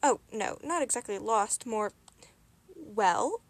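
Brief: woman reading as a fretful male angel in an audiobook, anxious and hesitant, apologetic, voice on the higher side. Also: animated, slow pace, no echo, exaggerated voice. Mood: flustered. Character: fussy, worried male angel.

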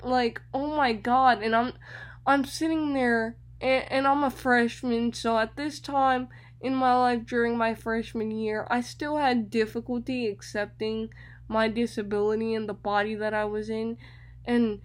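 A young woman hosting a radio show, telling personal stories in an animated way and acting out other people's voices. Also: on the high side, a little slow. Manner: animated storytelling, acts out others' voices, repeats words.

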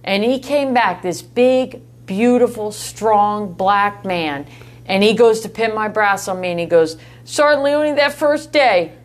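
A woman telling a lively personal story as a guest, laughing often and gesturing as she talks. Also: mid-range voice, a little slow. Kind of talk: casual storytelling.

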